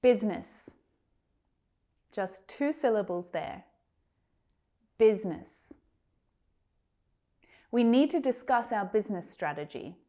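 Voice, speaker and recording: A woman with an Australian accent teaching English pronunciation in a scripted lesson. She enunciates single words clearly and carefully and speaks directly to her learners in an encouraging way. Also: mid-range voice, sing-song, moderate pace, hardly any pauses, mellow.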